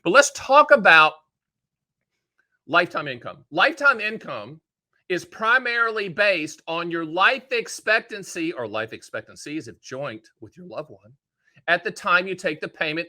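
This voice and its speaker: Bright, folksy male annuity advisor. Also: high voice, unhurried. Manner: folksy, joking asides, animated put-on voices. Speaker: annuity advisor hosting his own show. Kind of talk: casual direct-to-camera explainer.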